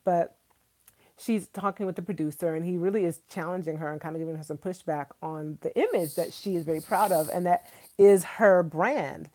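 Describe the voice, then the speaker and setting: A woman hosts a relaxed livestream, talking straight to her viewers. Her voice sits a little low for a woman, and she gushes enthusiastically, circling back to the same words for emphasis. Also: moderate pace. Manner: chatty, enthusiastic, addresses viewers as y'all; repeats herself for emphasis. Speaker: livestream host. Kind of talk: casual livestream chat.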